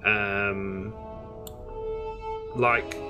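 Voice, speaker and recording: A man's voice: on the low side, flat delivery, very slow, music in the background. A man giving casual, rambling let's-play commentary on a space game, full of hesitations. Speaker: gaming streamer.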